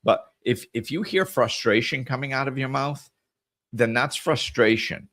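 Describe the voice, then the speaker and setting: A man's voice: mid-range voice, a little slow, fairly bright tone. A middle-aged man hosting a podcast, giving an earnest reflective monologue on scripture and the inner life, often repeating and correcting his words as he goes. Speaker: podcast host.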